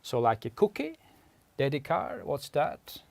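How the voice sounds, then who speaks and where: A language researcher lectures methodically and patiently, often stopping to clarify his terms. He is a native Uzbek speaker with an Uzbek accent, and his voice is on the high side and creaky, with huge pitch swings and a measured pace. There's no room sound.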